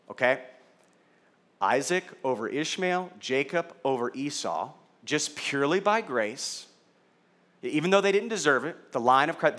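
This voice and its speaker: A man's voice: mid-range voice, a bit bright. A middle-aged man, a pastor, teaching a sermon in a conversational way, checking in with his audience and teasing the room. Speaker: pastor teaching a Bible study.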